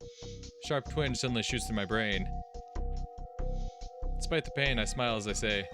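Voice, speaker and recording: A man's voice: fairly low pitch, normal speed, pauses often. A man hosting a let's play, reading visual novel text aloud and musing casually about the plot. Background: game music.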